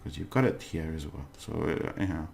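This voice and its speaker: A man's voice: very deep voice, steady tone, moderate pace, creaky, a little mellow, a little hiss or hum. A man teaching a casual language lesson, chatty and self-correcting, laughing at his own slips.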